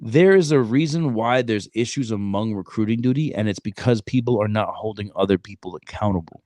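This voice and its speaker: A man in his thirties co-hosting a podcast, telling a story in animated, slang-heavy casual chat. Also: on the low side, fairly quick, no echo. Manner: animated, streetwise slang, frequent "bro". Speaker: podcast co-host.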